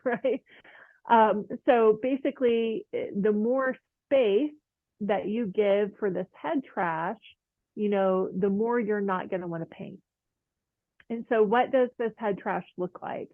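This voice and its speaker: Chatty woman painting teacher, slow and lo-fi. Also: medium pitch, no echo. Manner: chatty, filler-heavy, laughs often, encouraging. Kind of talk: casual motivational talk to camera.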